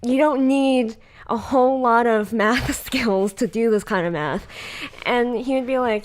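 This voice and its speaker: A woman's voice: fairly high pitch, a little slow. A young woman from California with a Valley Girl accent, hosting a podcast in casual, chatty talk, often laughing and using fillers. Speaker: podcast host. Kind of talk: casual chat.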